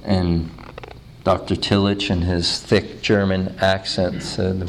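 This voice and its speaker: A man preaching a sermon, telling a story with emphatic pauses, then leading a prayer. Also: sits low, flat delivery, a little hiss or hum.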